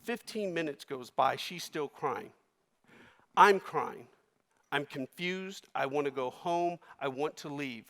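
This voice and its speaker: A man giving a keynote speech, telling a personal story with emotion, his voice swinging between loud and hushed. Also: fairly high pitch, slow. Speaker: keynote speaker. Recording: long reverb of a large hall.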